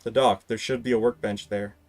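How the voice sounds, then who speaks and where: A man's voice: on the low side, steady tone, fairly quick. A man from Canada playing a game with friends, giving practical directions in casual chat. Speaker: co-player.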